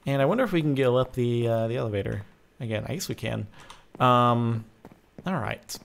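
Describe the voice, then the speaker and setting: Young guy rambling thru a game, kinda gravelly, dry jokey tone. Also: medium pitch, brisk, slight background noise. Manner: casual, wry, rambling. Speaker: gaming host. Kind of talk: let's-play commentary.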